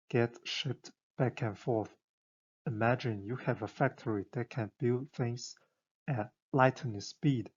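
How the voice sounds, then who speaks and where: A man's voice: medium pitch, a little mellow, husky, muffled recording. A man giving an enthusiastic, conversational scripted explainer narration, full of rhetorical questions.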